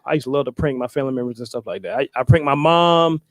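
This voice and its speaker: A man's voice: mid-range voice, quick pace, dry recording, clean studio sound. A man chatting casually as a guest, laid-back and rambling, with plenty of fillers. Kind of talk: casual chat.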